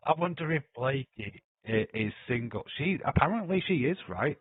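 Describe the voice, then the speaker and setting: A man's voice: fairly low pitch, animated, moderate pace, breathy edge, dry recording. A man hosting a live watch-along stream, reading chat comments aloud and joking, teasing and laughing often. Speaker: livestream host. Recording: dry, phone-like lo-fi sound.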